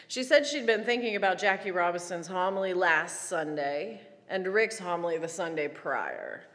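A woman giving a prepared reflective talk, telling stories in a wry, animated way with dramatic pauses. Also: on the low side. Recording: long reverb of a large hall.

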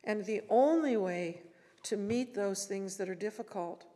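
A woman giving a reflective talk at a morning service and reciting poetry, gentle and unhurried, with long pauses between phrases. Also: mid-range voice. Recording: reverberant hall.

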